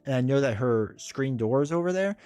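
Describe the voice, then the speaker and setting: A middle-aged man rambles casually on his live stream, reading chat aloud between stories. His voice sits at an ordinary middle pitch, with faint music playing underneath. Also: animated, a little fast, darkish tone, clean tone, no room sound.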